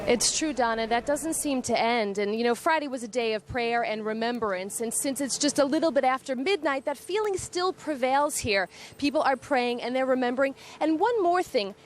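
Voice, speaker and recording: A woman reporting live on location, gently interviewing family members of missing people. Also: high voice, expressive, normal speed, hardly any pauses. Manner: gentle, sympathetic questioning. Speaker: field reporter.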